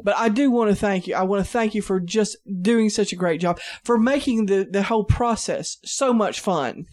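Author guy on a podcast, pretty high voice, gushy, keeps tripping over his words and starting over. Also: a little mellow. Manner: effusive, halting, repeats words. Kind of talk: casual chat.

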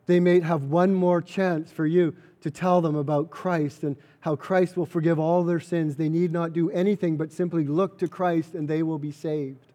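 A man's voice: fairly high pitch, fairly even intonation, normal speed, hardly any pauses, dark tone. A man preaching a sermon, earnest and emphatic, repeating key phrases for weight. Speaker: pastor.

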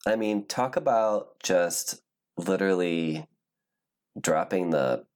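A man's voice: low voice, slow, darkish tone. A man hosting a podcast, chatting casually and loosely about news, swearing now and then. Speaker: podcast host.

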